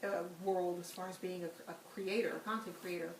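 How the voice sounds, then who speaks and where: A woman's voice: fairly low pitch, steady tone, a little fast. A woman in a casual chat, talking hesitantly and searching for words, recorded on a distant echoey mic with noise.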